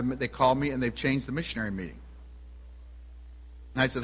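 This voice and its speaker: A man's voice: medium pitch, fairly quick, fairly bright tone. Man preaching in an echoing hall. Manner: asks the audience questions. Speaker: pastor. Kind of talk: sermon with a personal story. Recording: long hall reverb.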